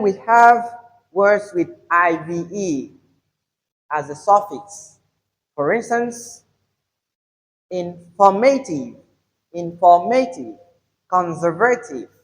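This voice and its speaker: A man with a Nigerian English accent teaching English word stress, spelling out suffixes letter by letter in a deliberate classroom manner. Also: fairly high pitch, low-quality recording. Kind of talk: classroom-style pronunciation lesson.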